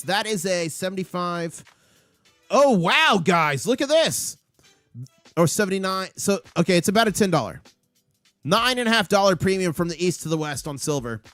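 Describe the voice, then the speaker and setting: Man, livestream host, excitable market commentary, rattles off prices, slightly high voice. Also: no room sound.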